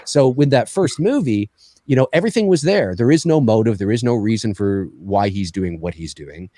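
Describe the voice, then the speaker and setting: A man co-hosting a podcast in casual chat, animated and teasing, laughing often. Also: fairly low pitch, moderate pace, dry recording.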